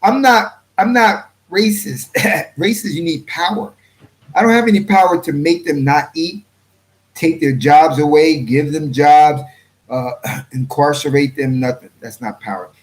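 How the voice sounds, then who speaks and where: A man hosting his own channel, reading viewer comments in a rambling, blunt way and clearing his throat often. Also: a little high, unhurried, low-quality recording. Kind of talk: casual livestream commentary.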